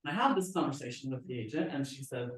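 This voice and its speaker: A woman presenting at a training seminar, telling a story and acting out the people in it with lively voices. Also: a bass voice, rapid-fire. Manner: animated, acts out quoted people with voices. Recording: very echoey room, voice from far off.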